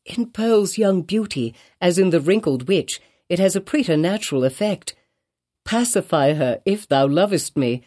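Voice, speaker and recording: Woman reading as an anxious clergyman, earnest and urgent, low mellow voice, storybook reading. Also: expressive, moderate pace. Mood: pleading. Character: anxious grown man, a clergyman, pleading.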